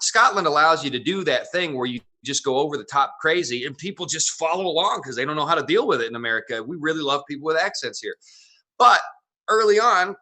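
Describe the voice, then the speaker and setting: A man's voice: a little high, pushed and bright. A man in his thirties from Wyoming, a comedian guest telling stories in a wordy, playful way. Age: 30s. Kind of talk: casual interview chat.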